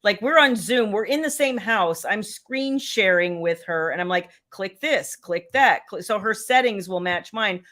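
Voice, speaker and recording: A woman's voice: medium pitch, normal speed, hardly any pauses, fairly bright tone. A woman, chatting casually and laughing as host of a livestream. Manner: chatty, laughing, Southern "y'all". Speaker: romance author and livestream host.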